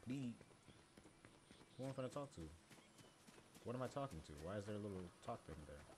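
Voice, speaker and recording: A man's voice: lowish voice, animated, a little fast, background noise. A young man streaming a video game, joking, swearing and talking to himself. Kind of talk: casual live-stream commentary.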